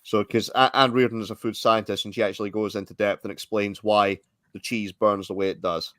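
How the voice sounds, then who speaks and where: A man explaining a point in a casual chat, halting with many ums. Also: lowish voice, steady tone, a bit bright, dry recording, studio quality.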